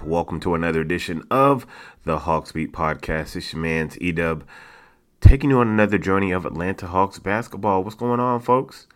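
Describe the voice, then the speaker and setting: A man with a very low voice hosts a casual sports podcast. He talks in a relaxed, rambling way, full of fillers and easy chuckles. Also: moderate pace, soft background music. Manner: laid-back, chatty, with fillers and laughs. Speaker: podcast host.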